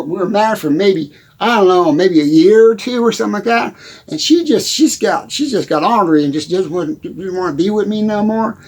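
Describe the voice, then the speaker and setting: A man's voice: high voice, breathy edge, heavily acted. A man playing a folksy small-town country character in a comedy monologue, rambling and stammering as he talks.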